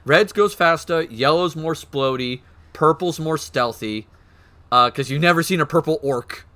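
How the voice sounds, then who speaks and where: A man streaming, excitedly explaining game lore in casual chat, swearing and laughing. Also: fairly high pitch, measured pace.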